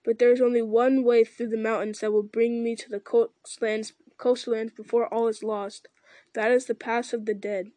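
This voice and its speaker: A woman voicing a noble, weary male ranger-king in a solemn, measured reading with small slips. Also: a little high, level tone, mellow, no room sound, close to an everyday voice.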